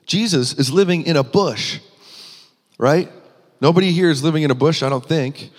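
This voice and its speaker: A man's voice: fairly high pitch, normal speed. A man preaching a sermon in an earnest manner, voice rising for emphasis, with frequent restarts. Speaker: pastor. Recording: long hall reverb.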